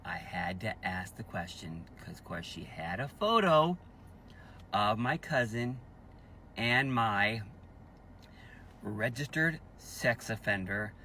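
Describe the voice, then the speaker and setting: Bright-voiced man telling a story slowly. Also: lowish voice, animated, slight background noise. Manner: slow, emphatic, repeats himself for effect; angry outbursts and voice rising on key points. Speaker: YouTuber telling a family story. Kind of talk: emotional personal vlog storytelling.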